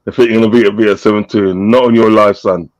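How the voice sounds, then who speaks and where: He's a fast-talking live-stream host who keeps laughing while he reads out messages and shout-outs from the chat. The voice is fairly low with fairly even intonation, and the audio sounds dull.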